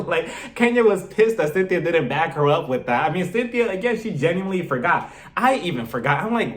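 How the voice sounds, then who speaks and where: A man giving a casual, animated review of a reality TV episode. He acts out quotes and laughs often. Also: on the high side, a little fast. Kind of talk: casual commentary vlog. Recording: roomy echo.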